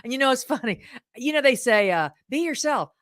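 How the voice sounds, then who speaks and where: A woman comedian as a guest in casual chat, telling stories in an animated, self-deprecating way. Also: a little high, quick pace, clear, resonant tone, no room sound, clean studio sound.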